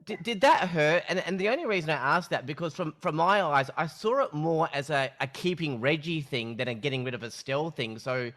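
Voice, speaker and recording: A man's voice: a little high, fairly quick, hardly any pauses, fairly bright tone. A man hosting an interview who stumbles and repeats words as he asks his questions. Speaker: interview host.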